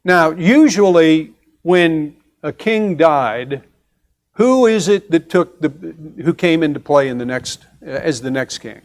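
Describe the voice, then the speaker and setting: Man teaching a Bible class, slightly high. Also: animated. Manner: conversational, explains step by step with pauses and restarts; asks the class questions. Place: church classroom.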